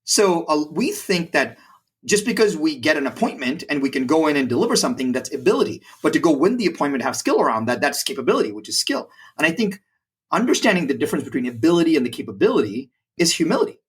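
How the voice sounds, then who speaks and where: A man in his forties from India, a podcast guest telling stories in an animated conversational way, with frequent fillers and restarts. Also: on the high side, fast, slightly rough. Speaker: podcast guest, brokerage president. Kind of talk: conversational storytelling.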